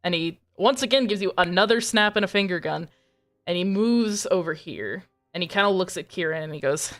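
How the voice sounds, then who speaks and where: A woman game master keeps the table moving, narrating actions and calling for rolls in a brisk, direct way. Her voice sits somewhat low, with faint music playing behind.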